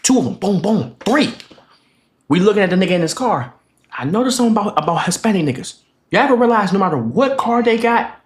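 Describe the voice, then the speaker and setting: A young man telling a casual story-time vlog, animated and profane, acting out the voices of the people in his story. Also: high-pitched, fast. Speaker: vlogger.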